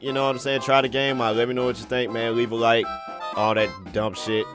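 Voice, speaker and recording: A man's voice: mid-range voice, level tone, brisk, music in the background. Laid-back young man cursing casually. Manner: laid-back, profane slang. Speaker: gaming YouTuber. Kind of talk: casual let's-play commentary.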